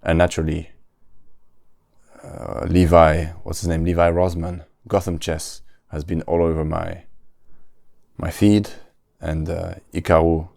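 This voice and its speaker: A man's voice: low voice, little pitch movement, measured pace, creaky, darkish tone, no room sound, studio quality. A man, hosting a casual solo podcast, often stopping to search for words and restarting his sentences. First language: French. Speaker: podcast host.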